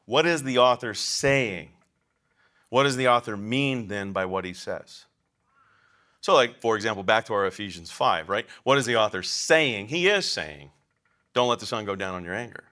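Male counseling teacher, lower register with a bright edge. Emphatic, chatty classroom lecture. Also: expressive, moderate pace. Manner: emphatic, conversational, asks the class questions.

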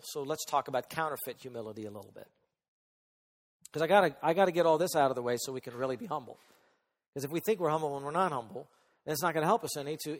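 Male pastor, sermon delivery, high-ish voice, animated soft-to-loud swings, reverberant sanctuary. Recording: long hall reverb.

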